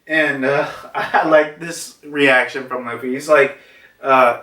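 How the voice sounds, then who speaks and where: A man's voice: mid-range voice, fairly even intonation, slow pace, bright, forceful tone. A man casually reviewing a comic chapter, rambling with lots of fillers and restarts. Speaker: manga reviewer. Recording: echoey room, far from mic.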